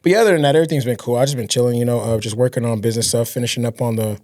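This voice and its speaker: A man's voice: mid-range voice, steady tone, racing, darkish tone. A man who is a music artist and podcast co-host, talking casually and laid-back, swearing freely and repeating words as he searches for them. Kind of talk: casual chat.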